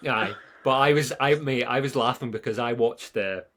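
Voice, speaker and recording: A man's voice: mid-range voice, moderate pace, a bit bright. A young Scottish man co-hosting a live football podcast, chatting casually and animatedly, laughing often and mimicking players and pundits. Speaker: podcast co-host.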